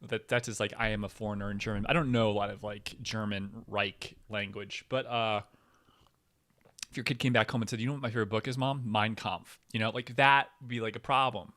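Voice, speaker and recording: A man hosts a comedy show in a loose solo monologue. His voice is bright and forward, and he rambles from one tangent to the next. He fills gaps with fillers and false starts. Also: on the low side, fairly even intonation, fairly quick. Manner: rambling, tangents, frequent fillers and restarts, sudden whispers. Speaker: podcast host.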